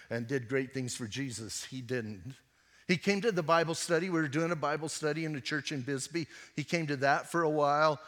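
A pastor preaches a sermon, telling a personal story conversationally and moving between emphatic and hushed delivery. His voice is a little high, with a big-room sound.

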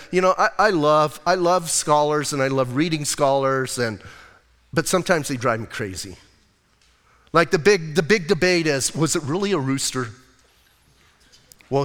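A male pastor preaching a sermon in a casual, animated style, using slang and acting out the lines of the people in the story. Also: on the high side, big-room sound. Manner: animated, conversational preaching with slang and acted-out quotes. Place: church sanctuary.

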